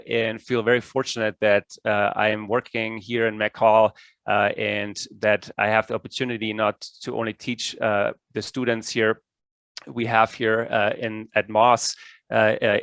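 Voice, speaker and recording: A man's voice: on the low side, gravelly, a bit bright, no room sound. German-accented man lecturing with many fillers. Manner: hesitant, many fillers and restarts. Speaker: presenter, ecology professor. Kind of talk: online lecture. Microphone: video call.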